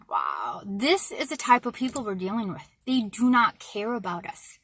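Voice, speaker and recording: A woman's voice: medium pitch, sing-song, normal speed, hardly any pauses, fairly bright tone, slightly rough. A woman from the United States ranting in an indignant, exasperated monologue to her viewers, often repeating herself for emphasis. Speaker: vlogger.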